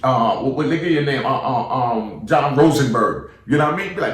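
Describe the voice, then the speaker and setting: A man's voice: mid-range voice, fairly quick, hardly any pauses. New York man telling stories in an echoey room. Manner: street slang, repeats "you know what I mean". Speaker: former inmate storyteller. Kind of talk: casual storytelling monologue. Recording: echoey room, mic at a distance.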